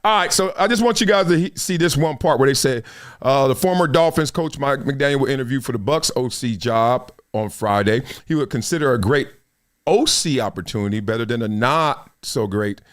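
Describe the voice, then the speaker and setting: A man hosting a live sports talk show, giving opinionated commentary in a slangy, animated manner and laughing often. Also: mid-range voice, a little fast.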